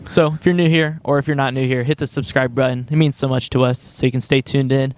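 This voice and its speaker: Brief: young male podcast host, upbeat and jokey, mid pitch. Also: steady tone, fast talker, a little mellow. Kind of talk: casual podcast intro chat.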